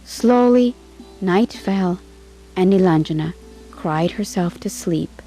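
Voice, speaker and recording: A woman narrating a bedtime story in a measured, expressive way. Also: lowish voice, soft background music, rough recording.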